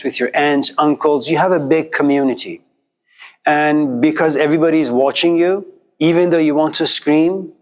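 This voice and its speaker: In a classroom, a middle-aged man with a fairly high voice delivers an informal philosophy lecture. He keeps it conversational, spinning stories and performing the voices of people he quotes.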